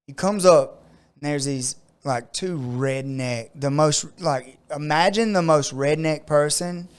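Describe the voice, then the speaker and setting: A man telling a long story in casual podcast chat, leaning on "like" and acting out the people in it with sudden loud outbursts. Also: on the high side, slow, clean tone. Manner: frequent "like" fillers. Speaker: podcast co-host.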